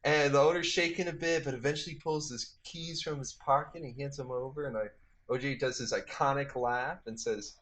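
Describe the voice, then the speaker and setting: A man hosting a comedy podcast, spinning a rambling, mock-earnest tall tale with a deadpan delivery. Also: medium pitch, brisk. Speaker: podcast host. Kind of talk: comedic storytelling.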